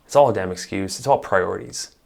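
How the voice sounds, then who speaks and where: A man's voice: deep voice, a little fast, gravelly, darkish tone. A man, a marriage therapist, giving blunt, emphatic advice straight to camera with casual swearing. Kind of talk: direct-to-camera advice talk.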